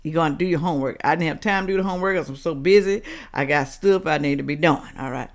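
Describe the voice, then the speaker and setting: A woman hosting a reaction video, giving blunt, scolding commentary that swings from low asides to loud outbursts. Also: fast talker. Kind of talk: opinionated commentary.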